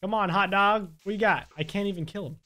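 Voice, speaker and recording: A young man giving excitable gameplay commentary, laughing often and yelling at the mobs. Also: high-pitched, quick pace, background noise. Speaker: gaming YouTuber.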